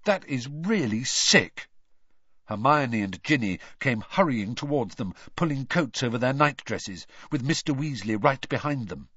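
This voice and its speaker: Man, audiobook narrator, animated pitch, dry close sound, dull lo-fi. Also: moderate pace, hardly any pauses, husky, dry recording. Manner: expressive, animated reading. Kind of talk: scripted narration.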